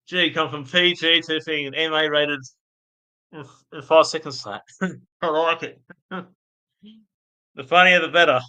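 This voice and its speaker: Bright-voiced Australian man, rambling and joking. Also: fairly high pitch, slow, long pauses. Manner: rambling, crude humor, laughs often at his own jokes. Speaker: live streamer. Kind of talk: casual live-stream chat, reading out viewer comments.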